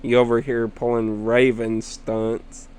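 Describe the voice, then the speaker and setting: A young gamer vlogger rambles slowly and casually about his sister and a game partner, chuckling as he tells stories. His mid-range voice is level and darkish in tone, clear and resonant.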